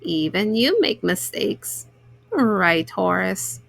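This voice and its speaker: A woman voicing a kind, soothing adult wife in a soft, lowered voice for a children's storybook. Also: big pitch swings, slow, creaky, no echo, full character voice.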